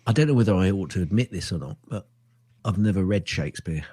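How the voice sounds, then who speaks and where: A man chats as a podcast co-host. His voice is low and a little husky. He sounds relaxed and jokes drily, close to a dry mic. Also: fast, no echo. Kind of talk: casual chat.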